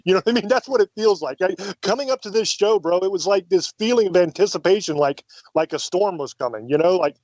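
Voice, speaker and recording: A man's voice: high voice, animated, fast, few pauses, darkish tone, dry recording. A man hosting a radio interview, speaking emphatically and enthusiastically, swearing casually. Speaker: radio show host. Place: radio studio. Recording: dry, muffled radio audio.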